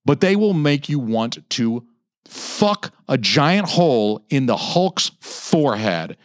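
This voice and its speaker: A man's voice: takes it slowly, no echo, studio quality. A man in his thirties hosting a podcast, ranting in a casual, profane way and mimicking other people's lines in a raised voice. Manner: animated, heavy swearing, mock-quoting others in raised pitch. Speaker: podcast host.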